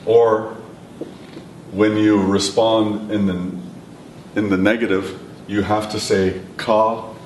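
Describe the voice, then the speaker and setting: A man teaching a language lesson, patiently repeating words slowly for his learners. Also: level tone, darkish tone. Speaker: language instructor. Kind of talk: classroom lesson. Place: classroom or lecture room. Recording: echoey room, mic at a distance, faint rumble.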